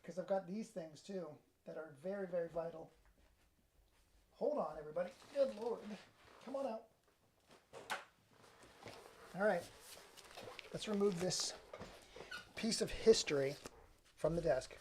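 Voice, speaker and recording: A man's voice: high voice, normal speed, pauses often, a little mellow, slight background noise. A man talking casually to the camera in a rambling, self-deprecating way. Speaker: vlogger.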